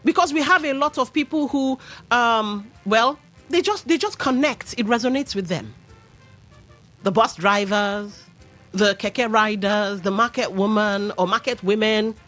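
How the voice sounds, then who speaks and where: Nigerian female radio host, animated and opinionated, mid-pitched voice, soft music bed. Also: measured pace. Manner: animated, opinionated, mixes in pidgin asides. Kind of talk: radio talk commentary. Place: radio studio.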